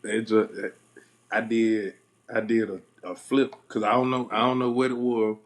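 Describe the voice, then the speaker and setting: A young podcast host with a lowish voice speaks at normal speed, casually telling a childhood story. He's an animated storyteller who acts out the quoted voices of the people involved and laughs at himself.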